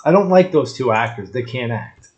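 A man's voice: medium pitch, expressive, moderate pace. Blunt man with muffled audio. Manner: blunt and dismissive, often quiet. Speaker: podcast co-host. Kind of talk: casual chat. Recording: slightly dull lo-fi audio.

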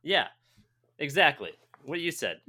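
Bright, tense-voiced man cracking jokes. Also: on the high side, very animated, unhurried. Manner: rambling, joking, self-deprecating. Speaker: podcast co-host. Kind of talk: casual movie review chat.

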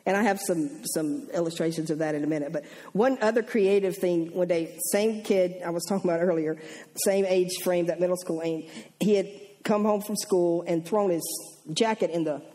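A woman's voice: lowish voice, moderate pace. A woman with a Southern US accent, a pastor's wife and teacher, telling stories in a church talk and acting out the voices of the people in them. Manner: animated, acts out the people in her stories.

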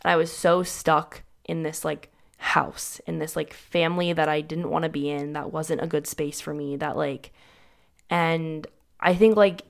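A woman's voice: sits low, steady tone, a little slow, creaky. A young woman telling a painful personal story in a casual way, saying "like" often and restarting her sentences. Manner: casual, heavy use of "like", frequent restarts.

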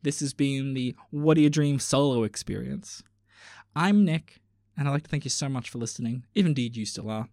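A man's voice: mid-range voice, moderate pace, darkish tone, dry recording, studio quality. A man hosting a solo podcast in a casual, rambling, exasperated rant, swearing often. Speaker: podcast host.

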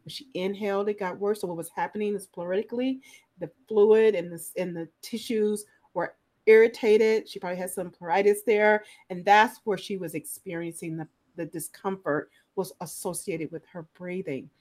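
Animated woman telling clinical stories. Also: medium pitch, moderate pace. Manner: animated, acts out the people in her stories. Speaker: guest, clinical nurse specialist in pain. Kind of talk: conversational storytelling in a podcast interview.

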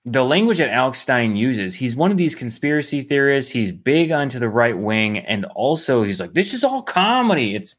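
A man's voice: mid-range voice, lively intonation, normal speed, few pauses. A man co-hosting a podcast, talking politics in a blunt, sarcastic, casual way. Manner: blunt, sarcastic, agreeing often. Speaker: podcast co-host.

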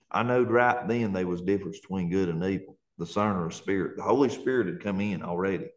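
A man's voice: deep voice, fairly quick, hardly any pauses. A man with an Appalachian accent, a pastor, telling his conversion story in an earnest, fervent way, at times close to tears. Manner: earnest, fervent, colloquial grammar. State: near tears. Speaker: pastor and guest. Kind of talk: emotional testimony.

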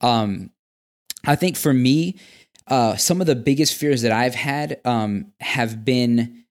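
A man in relaxed podcast conversation, with a mid-range voice. He talks steadily and reflectively, leaning on fillers as he thinks aloud. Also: medium pitch, takes it slowly. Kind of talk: casual reflective chat.

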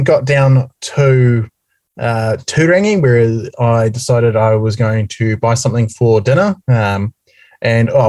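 A man's voice: mid-range voice, no echo. Cheeky, chatty New Zealand man. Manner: chatty, cheeky, lively storytelling. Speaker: podcast co-host. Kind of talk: casual chat.

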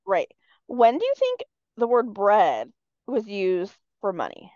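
Woman co-host, casual and opinionated, mid-pitch, dry and slightly dull recording. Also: huge pitch swings, a little mellow, dry recording. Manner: opinionated, quick to reject slang she dislikes. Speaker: podcast co-host. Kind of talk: casual chat.

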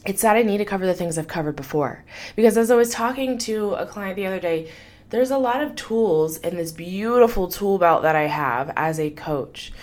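On her life-coaching podcast, a woman delivers a motivational monologue at a moderate pace, her medium-pitched voice lively in intonation. She's chatty and upbeat, encouraging listeners with warm enthusiasm and laughing often.

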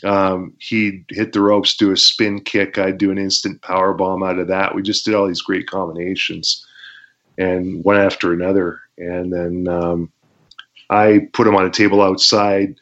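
A man's voice: deep voice, a bit bright. A former pro wrestler talking as an interview guest, laid-back, laughing as he recalls stories, with many fillers. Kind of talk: casual interview storytelling. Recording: muffled lo-fi audio.

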